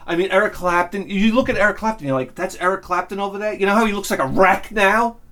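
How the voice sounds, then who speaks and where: A man hosting his own channel, telling a rambling, excitable story in a casual monologue and swearing freely. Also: high-pitched, fast. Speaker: channel host.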